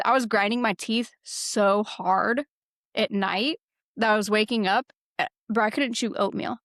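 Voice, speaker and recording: A woman's voice: mid-range voice, unhurried, fairly bright tone, no room sound, clean studio sound. A young woman co-hosting a podcast, chatting candidly and rambling with lots of fillers. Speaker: podcast co-host. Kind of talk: casual chat.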